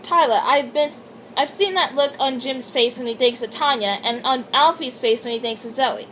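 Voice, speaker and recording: A woman's voice: high-pitched, moderate pace, a bit bright, a little hiss or hum, low-quality recording. A woman doing a smirking young guy with a put-on accent. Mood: earnest. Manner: attempted South African accent. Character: teasing young male friend, smirking.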